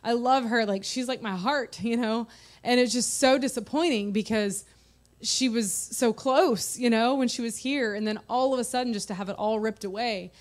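A woman's voice: a little high, normal speed. A woman in her thirties giving an earnest, conversational personal testimony in church. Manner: earnest, conversational, heartfelt storytelling.

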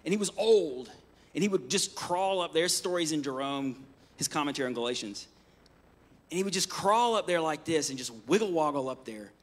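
Brief: male pastor, high voice, emphatic sermon delivery with restarts. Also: animated, normal speed. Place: church, live-streamed service.

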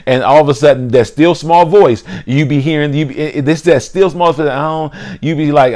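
A man's voice: fairly quick, hardly any pauses. Man preaching with many restarts. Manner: repetitive, acts out inner voices in a lowered hush. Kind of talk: sermon.

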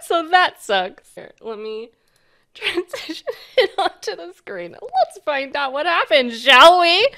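A woman's voice: very high voice, big pitch swings, takes it slowly, creaky, a bit bright. A young woman streaming a retro game, laughing and groaning in frustration as she plays. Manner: laughing, exasperated, swearing in frustration. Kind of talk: casual gaming stream chat.

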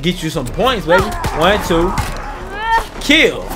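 High-voiced, profane, joking male gamer. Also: big pitch swings, slow. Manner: loud, profane and jokey, talking trash to enemies. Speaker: gaming channel host. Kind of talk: casual gameplay commentary. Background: game music and gunfire.

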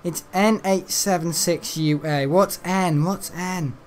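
Chatty man, slightly high voice. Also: steady tone, slow, a little hiss or hum. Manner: rambling, chatty, swears casually. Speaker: gaming channel host. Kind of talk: casual gameplay commentary.

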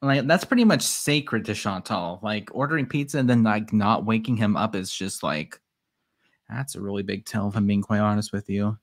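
A man's voice: on the low side, moderate pace. A man giving sarcastic, exasperated commentary while reacting to a livestream. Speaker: reaction streamer.

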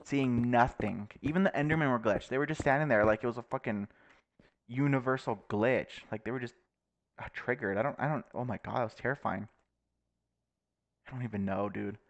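A young man giving nervous, excitable commentary while playing a video game, often laughing and exclaiming. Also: medium pitch, brisk, highs cut off. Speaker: gaming YouTuber. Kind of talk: Let's Play commentary.

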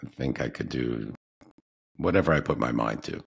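A man with a Brooklyn accent hosts a podcast in relaxed, animated conversation. His voice sits very low, with a gravelly, husky texture. He talks with an easy, chatty rhythm. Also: normal speed. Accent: Brooklyn New York. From Brooklyn, New York. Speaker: podcast host. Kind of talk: casual interview chat.

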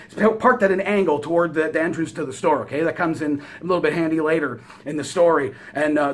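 A man casually telling a long, rambling story, swearing constantly and acting out every beat. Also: a little high. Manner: profane, animated, rambling. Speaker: vlogger.

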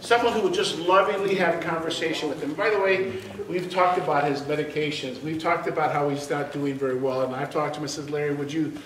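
A man's voice: a little high, fast talker, hardly any pauses, a little hiss or hum. An older man teaching a church Bible class, telling personal stories with repeated words and laughter. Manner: animated storyteller who repeats words and laughs. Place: large church room. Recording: roomy sound from far off.

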